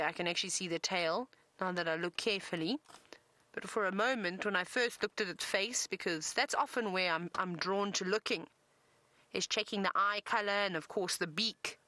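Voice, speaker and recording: A woman's voice: fairly low pitch, pushed and bright, no room sound, low-quality recording. A woman presenting a live safari drive, chatty and enthusiastic, talking from an open vehicle in the wind. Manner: chatty, enthusiastic, self-deprecating.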